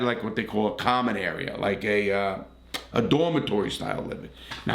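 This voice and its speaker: Man in the middle pitch range, telling his own story straight to camera, swearing freely, heated and halting. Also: fairly bright tone. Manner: blunt, profane, heated retelling; frequent restarts and stumbles. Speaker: host, ex-convict storyteller. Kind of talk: casual storytelling monologue.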